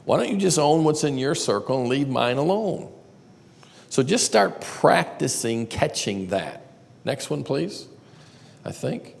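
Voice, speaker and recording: A man with a gravelly, lively voice teaches a live seminar, swinging his pitch up and down as he talks. He keeps it conversational and fires questions at the audience. The sound rings with the long reverb of a large hall. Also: unhurried. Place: church auditorium before an audience.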